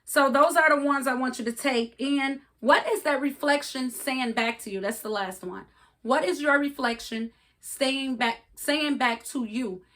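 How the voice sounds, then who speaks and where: Woman co-host, high bright voice, earnest motivational talk, laughs easily. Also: a little slow. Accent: regional accent. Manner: earnest, coaching, laughs often. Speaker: podcast co-host. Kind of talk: casual motivational chat.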